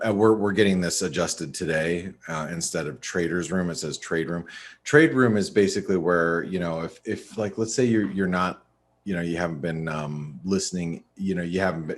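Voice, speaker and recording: A man's voice: low-pitched, husky. A man hosting a live trading webinar, sounding tired and rambling through a screen-share walkthrough with lots of fillers and restarts. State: tired, yawning. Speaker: webinar host.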